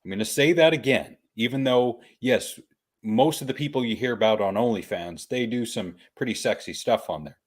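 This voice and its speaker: A man's voice: medium pitch, normal speed. A man hosting a casual podcast, reading out stories in a mock-formal way and addressing listeners as good people. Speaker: podcast host.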